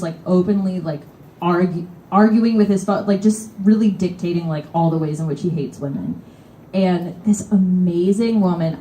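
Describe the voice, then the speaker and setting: Young Kentucky woman, live storyteller. Mellow voice, rambling and profane, roomy venue sound. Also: on the low side, slight background noise. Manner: rambling, profane, heavy use of "like". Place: bookstore cafe at a live show.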